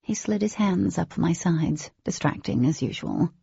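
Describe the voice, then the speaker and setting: A woman narrating an audiobook in first person, with an expressive reading and a husky, creaky voice. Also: fairly low pitch, a little slow, no room sound, dull audio.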